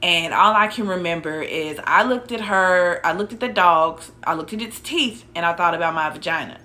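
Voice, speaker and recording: A woman's voice: fairly low pitch, normal speed, pushed and bright. A young woman casually telling a personal story, rambling with restarts and asides.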